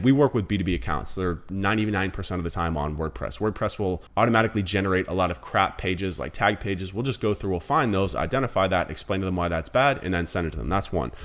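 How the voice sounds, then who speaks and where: A man in his thirties giving a casual screen-recorded marketing tutorial, blunt and conversational, calling viewers guys. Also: sits low. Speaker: marketing instructor.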